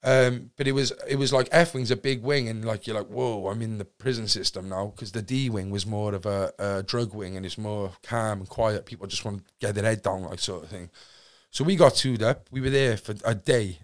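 A man's voice: on the low side, fairly quick. Rambling Welsh man telling a story. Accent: Welsh, Cardiff. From Wales. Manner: animated, rambling, full of fillers and restarts, swearing. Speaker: podcast guest. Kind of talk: casual storytelling in a podcast interview.

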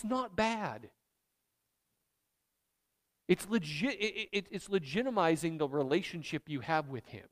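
A man's voice: high-pitched, big pitch swings, measured pace. A man preaching a sermon as pastor, speaking in an emphatic, conversational way.

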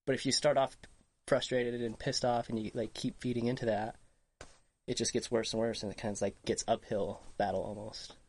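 A woman hosting a casual podcast chat, relaxed and reflective, letting her sentences trail off loosely. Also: very deep voice, brisk, husky. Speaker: podcast host.

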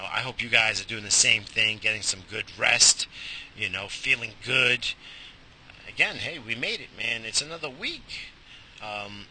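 A man ranting casually while driving, profane and loud in swings. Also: on the low side, a little hiss or hum, poor audio. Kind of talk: casual driving vlog rant. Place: car in traffic.

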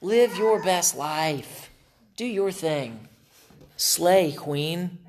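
A gushing crowd of flatterers cheers in a high, exaggerated voice, put on by a male preacher. The tone is mocking and overdone. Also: very slow, a little hiss or hum, exaggerated voice.

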